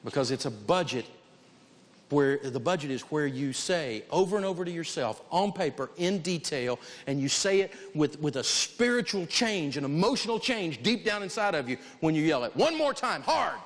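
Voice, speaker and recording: A man teaching a live money lesson to an audience, preachy, rising to shouts for emphasis. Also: a little high, sing-song, normal speed. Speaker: financial teacher. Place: large hall with a live audience. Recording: long hall reverb.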